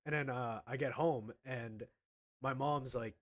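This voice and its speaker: A man's voice: a little high, normal speed. A young man casually telling a story about his school days, laughing often and acting out the other people in it. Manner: animated, laughing, acts out other people's lines.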